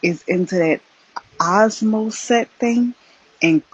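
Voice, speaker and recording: A woman co-hosting a casual live-stream commentary, talking loudly and chatting straight to her viewers. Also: mid-range voice, slow pace, slightly rough, no room sound, poor audio. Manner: loud, chatty, addresses viewers as y'all.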